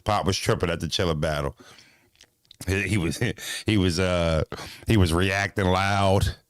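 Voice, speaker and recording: A man talking casually while walking, telling rambling, profane stories and shouting out his viewers. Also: deep voice, steady tone, measured pace, clear, resonant tone, no room sound, clean studio sound. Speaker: battle rapper vlogging. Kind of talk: casual walking vlog chat. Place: outdoors, walking.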